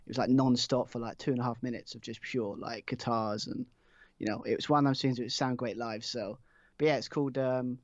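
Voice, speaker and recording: A man's voice: medium pitch, fairly even intonation, a little fast, dry recording. Man, chatty guest, rambling delivery, dry lo-fi sound. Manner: rambling, lots of fillers and restarts. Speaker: podcast guest. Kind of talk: casual chat.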